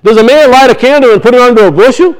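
A man's voice: very high-pitched, racing, low-quality recording. A middle-aged man preaching a sermon, firing rhetorical questions at his congregation. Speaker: pastor.

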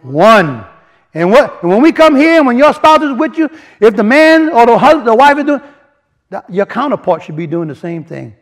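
A man delivering a sermon, talking his congregation through word meanings. His voice sits high and moves with wide swings of pitch. He often restarts phrases and leans into key words. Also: normal speed. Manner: animated, repeats and restarts, rising emphasis, colloquial grammar. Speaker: preacher. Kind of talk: sermon teaching from word studies.

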